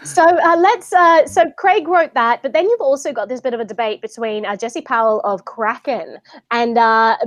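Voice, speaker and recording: A woman's voice: fairly high pitch, no room sound. A woman hosting a casual panel chat, sarcastic and amused as she comments. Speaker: show host.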